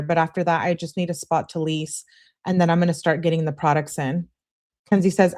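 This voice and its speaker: Lower-voiced woman reading texts aloud. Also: mellow. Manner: casual, narrates who says what before each message. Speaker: livestream host. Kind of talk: reading text messages aloud with commentary.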